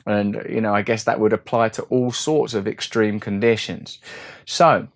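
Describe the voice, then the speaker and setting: Gravelly man musing earnestly. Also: lowish voice, steady tone, normal speed. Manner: rambling, earnest, philosophical. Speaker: speaker on self-help. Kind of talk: reflective monologue.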